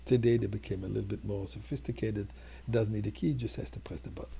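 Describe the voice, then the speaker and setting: Older rabbi with a gravelly, husky voice. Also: male voice, fairly low pitch, steady tone, fast, dark tone. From Montreal. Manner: earnest, rising to fervent exclamations. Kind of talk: storytelling sermon.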